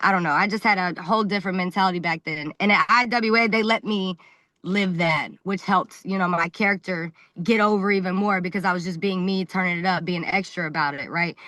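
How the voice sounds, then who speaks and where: A woman's voice: on the low side, fairly quick, no room sound. A woman wrestler, the guest on a podcast, telling stories in a loose, blunt way that is full of swearing and laughter. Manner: animated, blunt, swears freely, laughs often. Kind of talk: casual storytelling interview.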